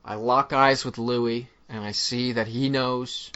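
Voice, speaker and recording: A man playing a comedic choose-your-own-adventure game, joking and thinking his choices through out loud. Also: mid-range voice, fairly even intonation, measured pace, clear, resonant tone. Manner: playful, laughs often, thinks aloud. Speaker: player. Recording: slightly muffled lo-fi audio.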